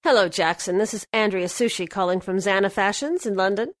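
A woman's voice: mid-range voice, lively intonation, brisk, no room sound, natural voice. A woman voicing a polite businesswoman on a phone call in scripted lesson dialogue. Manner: polite, careful phone manner.

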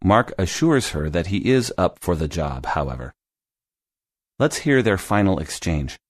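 A man narrating a scripted English lesson, explaining grammar in a clear, deliberate way. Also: low-pitched, sing-song, dry recording, studio quality. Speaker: English teacher.

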